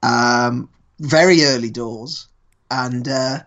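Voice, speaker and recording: A man's voice: medium pitch, takes it slowly, a bit bright, highs cut off. A man, co-hosting a podcast in a laid-back, slangy way. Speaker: podcast co-host. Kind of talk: casual chat.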